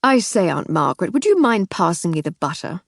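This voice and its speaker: A woman's voice: on the low side, very animated, brisk, vocal fry, no echo, studio quality, full character voice. A woman voicing a dreary, impatient young man in his early twenties in an audiobook. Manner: arrogant impatience.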